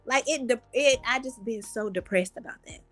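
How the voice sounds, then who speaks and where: A woman's voice: a little high, fairly quick, no room sound, faint music behind. A woman in her thirties, a podcast guest talking candidly and expressively, acting out her own thoughts as quotes. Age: 30s. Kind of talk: casual candid conversation.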